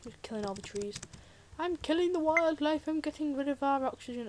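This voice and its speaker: This British teenage girl has a high, expressive voice and talks fairly quickly while playing a video game for a Let's Play. Her commentary is chatty and jokey, full of rambling asides, with loud keyboard clicks and typing throughout the recording.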